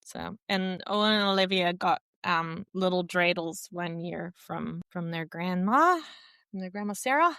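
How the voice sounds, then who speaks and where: A woman's voice: lowish voice, unhurried, creaky, sharp tone, smooth, no echo. A woman from the United States co-hosting a podcast in casual chat, playful and teasing, laughing a lot. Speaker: podcast co-host.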